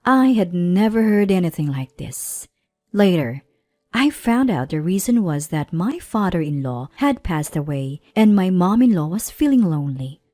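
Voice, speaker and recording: A woman in her thirties narrating a personal story in a measured, plaintive way. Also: fairly low pitch, very animated, mellow, no echo. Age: 30s.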